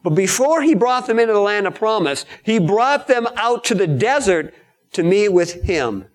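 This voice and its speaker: A man preaching a sermon in a storytelling way, acting out the lines of the people in his story with sudden high shouts. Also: big pitch swings, moderate pace.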